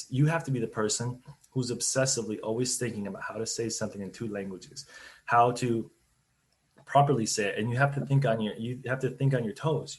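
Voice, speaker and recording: A man, a company CEO, giving conversational, explanatory answers in an interview over a video call. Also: lowish voice. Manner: conversational, explanatory, laughs easily.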